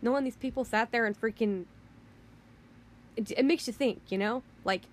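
A woman's voice: a little high, normal speed. A woman hosting a podcast, ranting in an indignant, heated way with mild swearing and frequent restarts. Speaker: podcast host. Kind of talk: casual rant.

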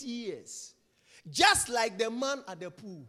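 A man preaching a sermon with emphatic repetition, swinging from loud shouts down to hushed whispers. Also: very high-pitched, sing-song, takes it slowly, in a large hall.

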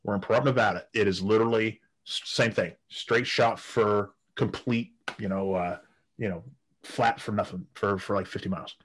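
A man with a somewhat low voice tells crude stories in casual podcast talk. He laughs often as he goes. He trips over his words and restarts his sentences. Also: fairly even intonation, normal speed, husky. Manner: laughs often while telling crude anecdotes, many restarts. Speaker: guest storyteller.

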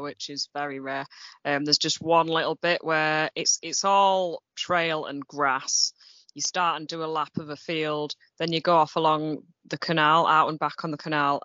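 Man, casual podcast chat, relaxed storytelling, bright tone, muffled lo-fi sound. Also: a little high, no echo. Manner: relaxed storytelling, many fillers. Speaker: podcast co-host. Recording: dull, dry lo-fi sound.

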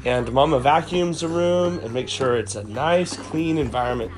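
A father and podcast host reading a farm picture book aloud to his children and making animal sounds in a playful, animated way. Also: medium pitch, normal speed, very noisy.

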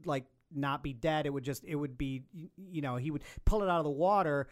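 A man co-hosting a comedy podcast, telling stories in a rambling, animated way with lots of restarts. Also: a little high, a little fast. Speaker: podcast host. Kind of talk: casual comedy podcast chat.

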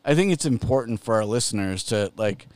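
A middle-aged man co-hosting a podcast, talking slowly with many restarts and frequent laughter. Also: on the low side, expressive, darkish tone, dry recording. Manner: laughs often, slow and halting with restarts. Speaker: podcast co-host. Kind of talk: casual podcast chat.

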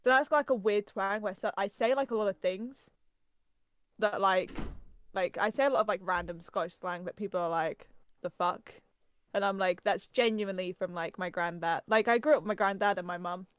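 A young woman from England with a softened Norfolk accent, co-hosting a casual podcast in chatty, laugh-prone talk full of "like". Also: mid-range voice, smooth, no echo. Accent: English, softened Norfolk. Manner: chatty, lots of "like", quick to laugh. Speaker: podcast co-host.

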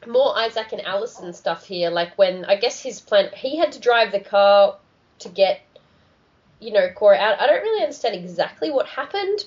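A woman's voice: mid-range voice, darkish tone. A woman podcast host chatting casually, rambling with many fillers. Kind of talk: casual chat. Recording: muffled lo-fi audio.

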